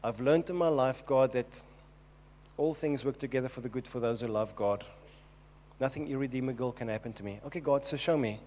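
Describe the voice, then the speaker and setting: A man's voice: mid-range voice, a little fast, darkish tone, close to an everyday voice. A man preaching who voices King David as a desperate man pleading urgently with God. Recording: long hall reverb.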